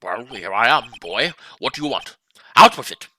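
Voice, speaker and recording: A man's voice: medium pitch, sing-song, moderate pace, pushed and bright, slight background noise, pitched below the performer's own voice. A man voicing a pompous, flustered older male lawyer in a game let's play, blustering and dodging questions.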